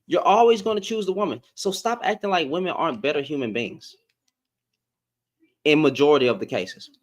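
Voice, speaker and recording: A man's voice: fairly high pitch, fairly quick. A man speaking, hosting a livestream in a heated, confrontational, slangy rant. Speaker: live-stream host.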